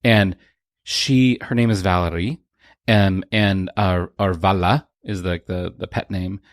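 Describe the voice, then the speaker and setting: A man's voice: low voice, fairly even intonation, measured pace, no room sound, clean studio sound. A man, a podcast guest, chatting casually and rambling through jokey stories. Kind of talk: casual chat.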